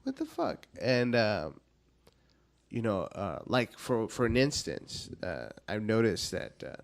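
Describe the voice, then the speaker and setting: Brief: comedian guest, male, loose profane storyteller with a lively, bouncing delivery. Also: takes it slowly. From South Texas. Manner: profane storyteller, acts out shrill quoted voices. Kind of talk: casual podcast chat.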